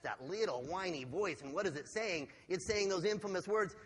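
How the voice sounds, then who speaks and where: A sales trainer giving a motivational seminar talk to a live audience, energetic and asking the audience questions. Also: male voice, high voice, moderate pace. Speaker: sales trainer and keynote speaker. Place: large hall with a live audience. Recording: long hall reverb.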